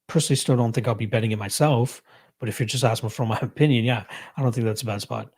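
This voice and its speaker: A man's voice: mid-range voice, steady tone, fast talker, a little mellow, breathy edge. A young Canadian man hosting a casual live stream, reading chat and answering betting questions in a laid-back, chuckling way.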